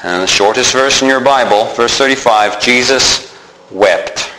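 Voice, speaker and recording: This pastor's voice is medium in pitch, bright and pushed, with a measured pace. During his sermon he reads scripture aloud and dramatizes what the mourners say, recorded in an echoing room with faint noise.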